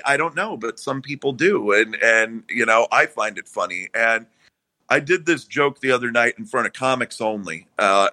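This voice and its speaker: A young man talking as a comedian guest, rambling and cursing freely while mocking himself. His voice is bright and forceful, recorded close and dry. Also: fairly low pitch, no echo. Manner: profane, rambling, self-mocking. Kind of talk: casual interview chat.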